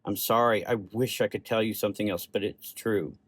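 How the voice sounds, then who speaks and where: A man voicing an older Russian doctor with a Russian accent, speaking slowly and gently. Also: lowish voice, fairly even intonation, no room sound, lightly acted. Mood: grave. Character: older male Russian doctor, kind, sad.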